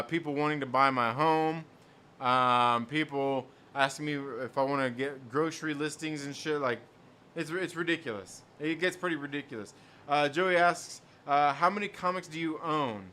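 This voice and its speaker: A man's voice: a little high, bright, forceful tone, a little hiss or hum. A man hosting a casual live stream, reading chat messages aloud and riffing on them. He rambles, repeats himself and laughs often.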